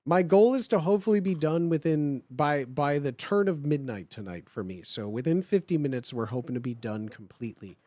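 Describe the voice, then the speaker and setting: A livestream host doing a comedic live reading of fan fiction. The voice is hoarse from hours of talking, and the delivery is playful and slangy, swinging between loud bursts and mumbles. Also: mid-range voice, lively intonation, fairly quick, hardly any pauses, no echo.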